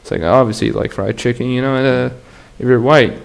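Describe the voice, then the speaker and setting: This podcast host talks fast in a medium-pitched, gravelly yet clean voice. Alone on the mic, he rambles casually, using crude slang and breaking into frequent laughter.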